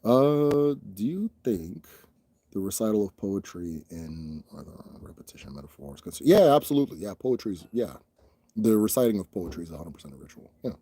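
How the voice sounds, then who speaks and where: A man's voice: fairly low pitch, animated, brisk, gravelly, mellow, husky, no room sound. A young man hosting a casual question-and-answer chat, talking loosely and profanely, laughing often and breaking into mimicked voices. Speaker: host answering viewer questions.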